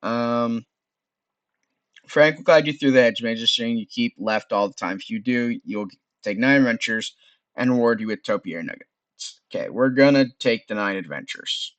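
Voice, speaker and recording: A man's voice: medium pitch, moderate pace, fairly bright tone, no echo. A man casually playing through a browser game, reading its text aloud and muttering to himself. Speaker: game streamer. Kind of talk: let's play with read-aloud game text.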